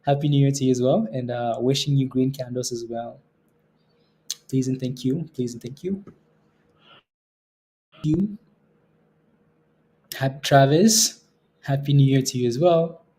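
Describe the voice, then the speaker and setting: Relaxed mellow-voiced livestream host. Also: male voice, mid-range voice, measured pace, long pauses. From Canada. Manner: relaxed, laughs often, repeats phrases. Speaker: day trading livestream host. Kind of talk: casual livestream chat reading viewer comments.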